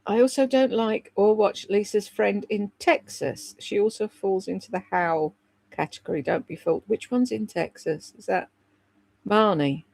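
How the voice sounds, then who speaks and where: Blunt, gravelly woman chatting. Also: medium pitch, normal speed, darkish tone, no echo. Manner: blunt, swears freely. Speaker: livestream host. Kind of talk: casual gossip chat reading viewer comments.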